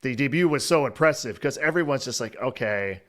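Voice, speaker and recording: A man's voice: medium pitch, fast. Here is a man co-hosting a podcast, laid-back and dry in how he talks. His voice sits in the middle range for a man. He delivers his jokes with a straight face. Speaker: podcast co-host. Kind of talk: casual chat.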